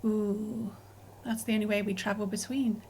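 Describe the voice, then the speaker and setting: A woman's voice: mid-range voice, flat delivery, moderate pace, darkish tone, faint music behind. A woman streamer chatting casually over a game, rambling and apologetic, a little out of breath and yawning. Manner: rambling and apologetic, many restarts and fillers. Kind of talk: casual let's-play commentary.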